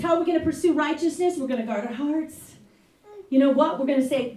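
A woman elder preaches with fervent, exhorting urgency, her voice high-pitched yet mellow in tone. She is heard from some distance in an echoey church room. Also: brisk. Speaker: elder sharing at a fellowship service. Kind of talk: sermon. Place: church fellowship service.

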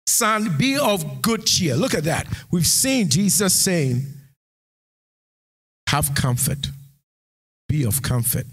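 A man preaching a sermon who reads scripture aloud and builds into shouted, sing-song exhortation. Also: mid-range voice. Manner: reads scripture aloud, King James phrasing. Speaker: pastor.

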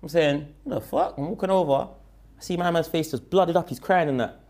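With a slightly high voice and a brisk pace, a young man from London tells a story as a casual interview guest. He rambles, leans heavily on street slang, and grows animated recounting what happened.

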